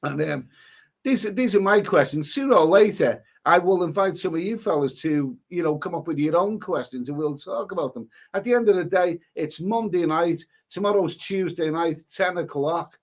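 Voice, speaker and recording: A man's voice: sits high, normal speed. A middle-aged man from England hosting a casual live stream, reading out viewer names and messages and chatting about them. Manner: rambling, chatty, reads out usernames and messages.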